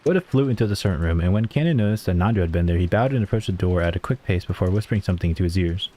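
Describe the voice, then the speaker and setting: Dude reading story text out loud on stream, lowish voice, bouncy delivery, stops to muse. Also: male voice, lively intonation, very fast. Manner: musing asides between narration. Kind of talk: reading a visual novel aloud on stream.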